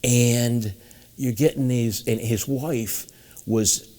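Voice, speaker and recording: This guest mentalist from New England, USA, is interviewed and tells meandering stories, doing the voices of the characters as he goes. He speaks slowly in a mid-range, mellow voice with a steady tone.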